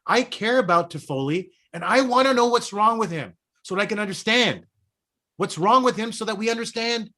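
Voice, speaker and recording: A man's voice: high-pitched, animated, a little fast, sharp tone. A man in his thirties or forties, a co-host on a sports podcast, who talks in an earnest, persuasive way and argues his points at length. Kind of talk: casual sports chat.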